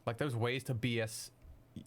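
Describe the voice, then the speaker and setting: A young man streaming while he edits video, chatting casually with viewers, excitable and swearing freely. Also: mid-range voice, moderate pace. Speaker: streamer editing video live. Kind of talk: casual live-stream chat.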